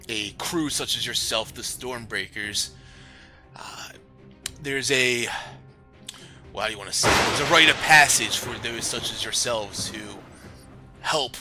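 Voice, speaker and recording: Male game master, bright and forceful tone, easygoing narration, music underneath. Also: lowish voice. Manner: easygoing, slips into character quotes.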